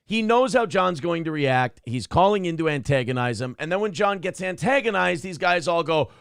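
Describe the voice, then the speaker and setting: A man's voice: fairly high pitch, animated, moderate pace, gravelly, fairly bright tone, smooth, dry recording, studio quality. A man co-hosting a talk show, giving blunt, profane commentary and ranting about the people in the clips. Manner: blunt, ranting, mocks others with put-on voices. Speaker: morning show co-host.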